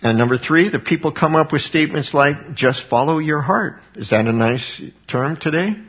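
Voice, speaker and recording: A middle-aged man preaching a sermon, talking fervently and conversationally with frequent restarts and a husky voice. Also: on the high side, moderate pace, hardly any pauses. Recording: dull lo-fi recording.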